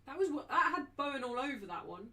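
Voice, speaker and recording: A woman hosting a live match watchalong, chatting casually and slipping into high baby talk with her dog. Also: very animated, fast, sharp tone. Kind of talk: casual live commentary and chat. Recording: voice a little distant from the mic.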